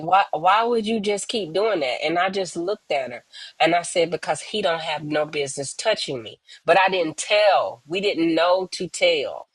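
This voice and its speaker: A woman tells her own hard story as a guest on a remote call, earnest and slow, often pausing and acting out the voices of others. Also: low-pitched, no room sound, rough recording. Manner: earnest, pauses often, acts out quoted voices. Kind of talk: emotional personal testimony, slow and reflective.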